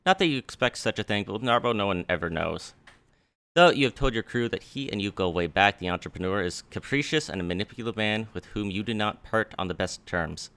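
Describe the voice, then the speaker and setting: A man's voice: fairly low pitch, animated, fairly quick, a bit bright, smooth. A male streamer reading game text aloud in a casual way, with swearing asides.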